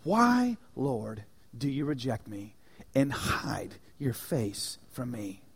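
A male pastor preaching a sermon, swinging from hushed, near-whispered lines to loud, ringing declarations. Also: mid-range voice, sing-song, slow pace, husky. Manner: dynamic preaching, dropping to near-whispers and rising to shouts.

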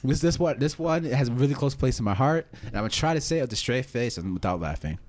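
A man's voice: mid-range voice, animated, fast talker, a little mellow. A young man, co-hosting a casual podcast chat, playful and laughing often. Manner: playful, laughs often, sings and mimics jingles. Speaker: podcast co-host.

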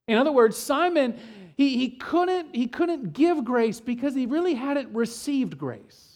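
Male pastor, sermon delivery, higher-pitched voice, moves between loud emphasis and near-quiet lows. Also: lively intonation, measured pace. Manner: retells scripture, voicing quotes, swings from loud to hushed.

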